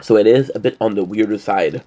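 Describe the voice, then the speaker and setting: A sleep-deprived man vlogs to camera in a rambling, joking monologue full of playful asides. His voice sits on the low side, mellow and a little fast.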